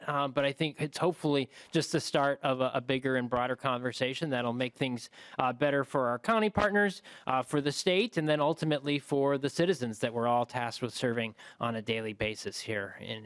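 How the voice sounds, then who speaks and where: A man, a legislator, wraps up his bill presentation in a measured, earnest way. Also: mid-range voice, fairly bright tone, clear, resonant tone, no echo.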